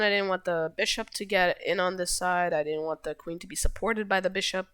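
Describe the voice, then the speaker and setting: A woman's voice: fairly low pitch, steady tone, brisk, hardly any pauses, a bit bright, smooth, dry recording. A woman casually walking through chess positions, rambling and correcting herself, shrugging off mistakes with a loose, offhand manner. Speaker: chess video host. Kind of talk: casual chess game walkthrough.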